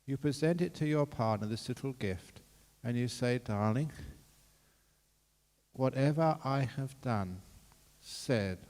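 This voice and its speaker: A man's voice: medium pitch, expressive, a little slow, darkish tone, in a large hall. A man, a Buddhist monk, gives a dharma talk as a jovial storyteller who often laughs.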